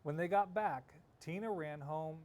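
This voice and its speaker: A man's voice: a little high, measured pace, a little mellow. A man reading a children's picture book aloud, playful with the sound words. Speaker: storyteller. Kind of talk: children's story read-aloud.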